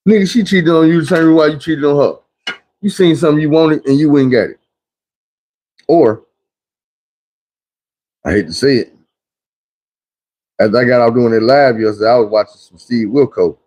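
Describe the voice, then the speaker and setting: Blunt, husky-voiced man preaching. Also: medium pitch, moderate pace, pauses often, a little mellow. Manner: blunt, preachy street talk, acts out quotes. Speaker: livestream host. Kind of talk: casual livestream monologue.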